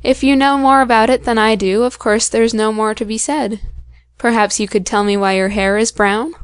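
A woman's voice: on the high side, fairly even intonation, normal speed, clean tone, no echo, natural voice. A woman voicing a sly, touchy storybook kitten. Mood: huffy. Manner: sly and indignant. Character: boastful, touchy white kitten telling tall tales.

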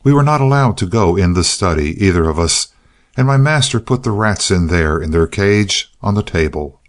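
A man with a fairly low voice reads a storybook aloud, telling it in the first person as a dog. His delivery is dry, sly and self-satisfied, the tone of someone quietly pleased with his own cleverness. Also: expressive, normal speed. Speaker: narrator. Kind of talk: storybook narration as the dog himself.

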